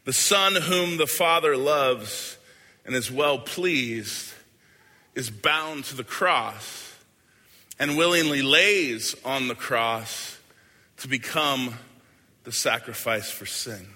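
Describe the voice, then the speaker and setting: Slow, bright-voiced preaching man in a hall. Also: mid-range voice. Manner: earnest, slow and deliberate preaching, often trailing off softly at line ends. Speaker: pastor. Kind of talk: sermon. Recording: hall with long reverb.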